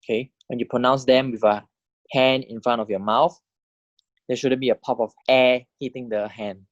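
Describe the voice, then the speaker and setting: A man's voice: mid-range voice, steady tone, moderate pace, no echo, highs cut off. A man teaching a recorded language lecture, walking through a table step by step and often checking understanding with "right?".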